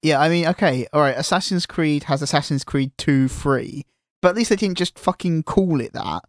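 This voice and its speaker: A man's voice: on the high side, moderate pace, no echo, studio quality. A man in a casual chat, giving blunt, grumbling opinions. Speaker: podcast co-host.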